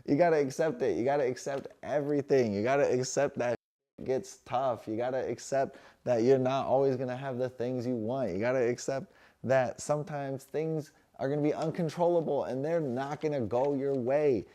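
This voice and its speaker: A man's voice: medium pitch, normal speed, mellow. A young man talking casually and playfully to camera from his couch, giving slangy motivational advice. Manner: playful slangy delivery, puts on voices for his dog. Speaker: fitness vlogger. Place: home, sitting on a couch.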